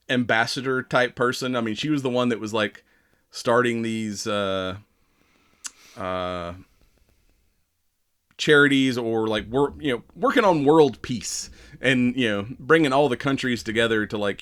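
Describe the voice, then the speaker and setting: A man's voice: mid-range voice, a bit bright. A man co-hosting a podcast, chatting casually about a movie, laughing often and acting out characters' lines. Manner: laughing, acts out lines in quick voices. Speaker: podcast co-host.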